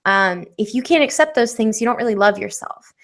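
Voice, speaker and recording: A woman co-hosts a relaxed podcast conversation, her voice sitting somewhat high. She talks candidly and rambles, filling pauses with frequent ums. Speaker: podcast co-host. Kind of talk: casual chat.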